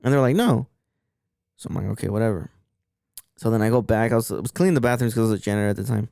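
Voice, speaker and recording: A man's voice: mid-range voice, expressive, rapid-fire, gravelly, darkish tone, no echo, clean studio sound. A young man co-hosting a podcast, telling loose, profane stories in casual chat. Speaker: podcast co-host.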